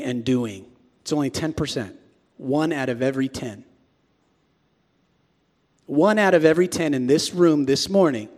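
A man in his forties preaching a sermon as a pastor, swinging between hushed asides and sudden shouts. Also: mid-range voice. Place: large church sanctuary. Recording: long reverb of a big hall.

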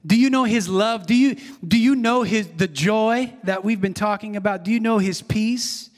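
Earnest high-voiced male pastor preaching. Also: moderate pace, long reverb tail. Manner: earnest, conversational preaching with repetitions and asides. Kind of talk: sermon.

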